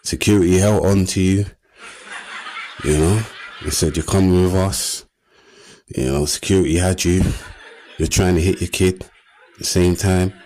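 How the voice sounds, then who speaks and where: A man in his thirties with an East London accent doing a stand-up comedy set, animated and streetwise, acting out little scenes. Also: low-pitched, normal speed, long pauses, a little hiss or hum, low-quality recording. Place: comedy stage before a live audience.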